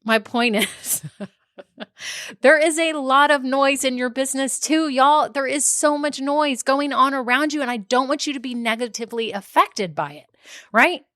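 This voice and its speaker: A woman's voice: sits high, normal speed, a bit bright, dry recording, studio quality. A woman, hosting a casual solo business podcast, chatty and laughing often as she goes on tangents. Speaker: podcast host and business coach.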